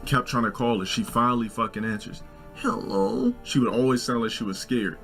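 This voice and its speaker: A man in his forties telling a long personal story in a casual, profane, animated way, with faint music. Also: fast talker. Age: 40s. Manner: animated, profane, jumps into shrill quoted voices. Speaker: storyteller in a video.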